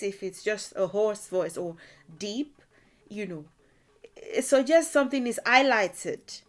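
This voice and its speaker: Chatty woman teaching a language lesson. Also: medium pitch. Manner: chatty, frequent "you know", laughs often. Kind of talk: casual explanatory lesson.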